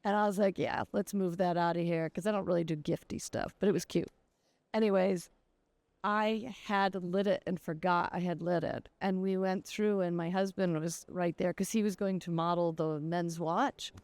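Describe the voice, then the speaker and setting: A woman who owns a jewelry store, telling stories in a casual, animated way. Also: fairly low pitch, normal speed, no echo. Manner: lively, animated storyteller. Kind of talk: casual storytelling.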